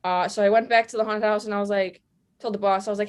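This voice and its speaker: A young adult woman tells stories on a podcast. She rambles casually and fills her sentences with "like" and "uh". Her voice sits at an ordinary middle pitch. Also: fairly even intonation, quick pace, smooth. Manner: chatty, rambling, many fillers. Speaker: podcast guest. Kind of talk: casual storytelling.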